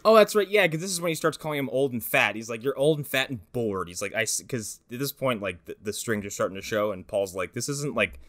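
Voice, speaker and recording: A man co-hosting a movie podcast, tossing in dry wisecracks and quick jokes. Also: medium pitch, lively intonation, a bit bright, dry recording. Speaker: podcast co-host. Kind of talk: casual movie-review banter.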